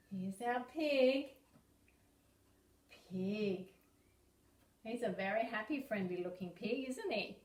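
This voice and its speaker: A woman with an Australian accent teaching young children animal sounds, slow and exaggerated, dropping to whispers between animal noises. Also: fairly high pitch, very animated, a little mellow, recorded from a distance. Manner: slow, exaggerated, sing-song, drops to whispers. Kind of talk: early-years animal sounds lesson. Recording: echoey room, voice from off-mic.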